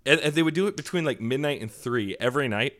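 A man's voice: mid-range voice, animated, fast, a bit bright. A man co-hosting a podcast, chatting casually and ranting in an exaggerated, joking way. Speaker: podcast co-host. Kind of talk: casual comedic chat.

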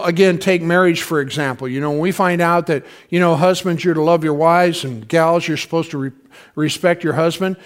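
A male pastor with a high voice delivers a sermon in an easygoing, chatty manner. He drops casual slang and keeps pulling the congregation in with quick questions. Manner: conversational, calls for responses from congregation; folksy slang.

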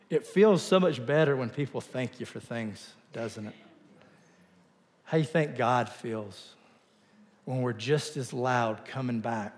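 In a church, a man preaches a chatty sermon, putting questions to the congregation and lowering his voice to a hush when he wants to stress a point. His voice is slightly high, and he's speaking in a large hall.

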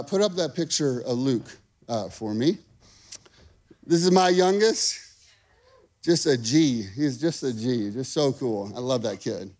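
High-voiced man preaching a sermon. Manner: energetic, conversational preaching with call-and-response. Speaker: pastor.

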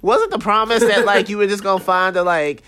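A man chatting casually on a podcast, camp and animated, swearing often. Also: high voice, brisk, smooth. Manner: profane, campy and animated. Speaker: guest. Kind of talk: casual chat. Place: Bay Area.

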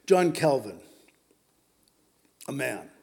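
A man's voice: mid-range voice, big pitch swings, extremely slow, creaky, a little mellow, breathy edge. A man preaching a sermon in an earnest, emphatic, urgent way.

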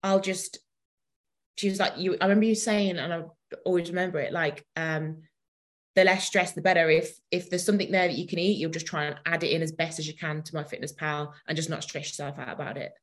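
A woman's voice: low voice, steady tone, fairly quick. Giggly, teasing woman chatting. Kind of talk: casual chat.

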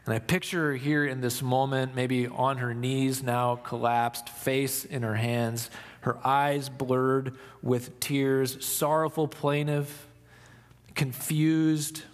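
A pastor giving an Easter sermon, reflective and storytelling, dropping soft for emphasis. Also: male voice, medium pitch, flat delivery, big-room sound. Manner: slow, reflective, dramatic pauses, soft for emphasis.

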